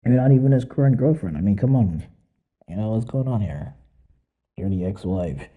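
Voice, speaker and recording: A man's voice: fairly low pitch, expressive, normal speed, narrow, tinny audio. A young man hosting a podcast alone, rambling in casual, profane commentary that mocks and laughs often. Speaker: podcast host.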